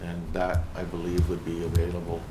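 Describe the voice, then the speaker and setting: A man's voice: deep voice, monotone, a little fast, over music. A man chairing a city council meeting, procedural and matter-of-fact.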